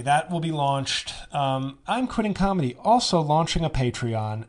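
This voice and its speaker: A man in his forties, a comedian hosting his podcast solo, rambling in a sardonic, self-deprecating way. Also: on the high side. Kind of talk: casual solo podcast monologue.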